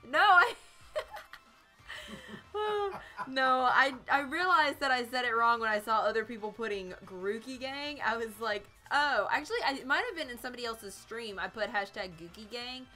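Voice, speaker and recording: A woman's voice: fairly high pitch, lively intonation, moderate pace, sharp tone, soft background music. A young woman from South Carolina, chatting and giggling through a live game stream. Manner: bubbly, giggly, chatty with chat. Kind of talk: live gameplay commentary.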